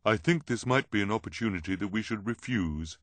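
A man's voice: on the low side, lively intonation, fairly quick, a bit bright, no echo, voice pushed up. A man voicing an earnest, sensible teenage girl who speaks carefully and hesitantly in a storybook reading.

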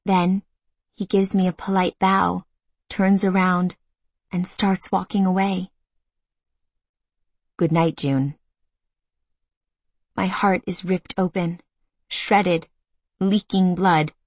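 A woman narrating a first-person audiobook in an intimate, emotional, measured way. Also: fairly low pitch, little pitch movement, no echo.

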